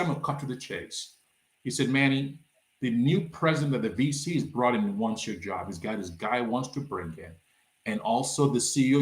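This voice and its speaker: Animated Nigerian-born man telling a story. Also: echoey room. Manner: lively, acts out quoted dialogue with big swings in pitch. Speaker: nonprofit founder, guest. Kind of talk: animated storytelling in a podcast interview.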